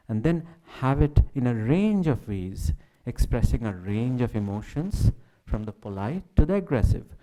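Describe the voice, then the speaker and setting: A man reading a prepared academic talk at a symposium, with a measured, declamatory delivery. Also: mid-range voice, sing-song, dark tone, low-quality recording. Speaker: academic speaker. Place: symposium hall.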